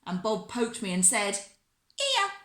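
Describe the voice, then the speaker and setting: A woman reading a children's picture book aloud in a warm, expressive storyteller manner. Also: mid-range voice, measured pace, roomy sound.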